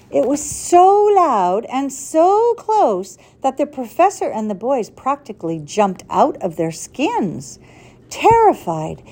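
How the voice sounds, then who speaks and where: A woman reading a children's adventure story aloud with an expressive, deliberate delivery. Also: on the high side. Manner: expressive, deliberate read-aloud with a slip corrected.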